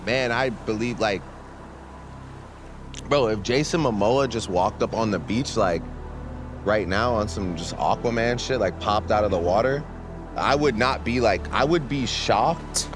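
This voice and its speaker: A man's voice: on the low side, noisy background. A man with a Toronto accent, talking as an interview guest in a loose, slangy, laid-back way. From Toronto, Canada. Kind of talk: casual conversation.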